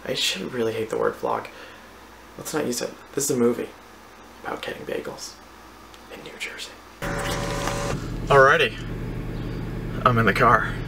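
A man vlogs from inside his car in a casual, dry, self-mocking, offhand way. His mid-range voice swoops wildly in pitch at a normal speed, with vocal fry and long pauses. Music plays in the car behind him, making the background noisy.

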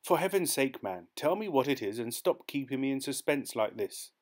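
A man voicing a naive, excitable seventeen-year-old boy who speaks in a fussy, formal way. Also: medium pitch, normal speed, voice pushed up, close to an everyday voice. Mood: eager.

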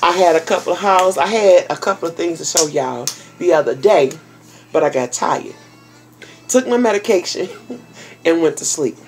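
A woman's voice: on the low side, animated, moderate pace, faint music behind. A grandmother vlogging from her home office, tired and speaking in a folksy, salty way, calling her viewers honey and baby. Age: older. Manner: folksy, salty, talks straight to viewers with endearments. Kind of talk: casual vlog chat.

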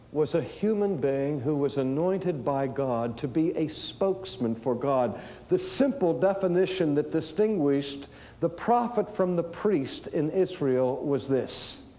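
Slow, mellow-voiced preacher in a hall. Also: male voice, fairly high pitch. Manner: slow deliberate preaching with rising emphasis. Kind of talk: sermon. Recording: long hall reverb.

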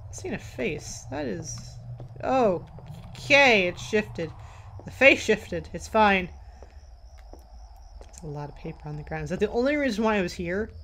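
A woman's voice: mid-range voice, animated, a little slow, long pauses, fairly bright tone, slight background noise. Jumpy woman playing a horror game. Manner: jumpy, swears a lot, jokes to herself. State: a little tired. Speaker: let's play gamer. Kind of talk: casual horror game commentary.

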